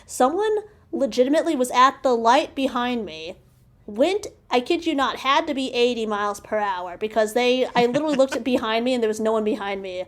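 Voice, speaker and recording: Woman podcast co-host, slightly high voice, animated chatty storytelling. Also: fairly quick. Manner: animated storytelling, many "like"s and restarts. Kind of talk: casual chat.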